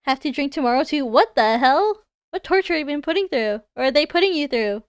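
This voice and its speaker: A woman's voice: high-pitched, expressive, a little fast, dry recording. A young woman with a Canadian accent, chatting casually and giggling as she reacts to viewers on a livestream. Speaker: livestreamer reviewing design work.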